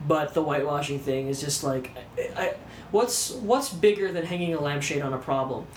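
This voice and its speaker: A fairly high-voiced man rants about a film in a casual podcast chat, cursing freely and breaking into exaggerated mock voices. The room rings with echo, and a faint hiss sits underneath. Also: moderate pace. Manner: animated, swearing, acts out lines in mocking voices. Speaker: podcast co-host. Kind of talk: casual ranting movie review. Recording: echoey room with faint background noise.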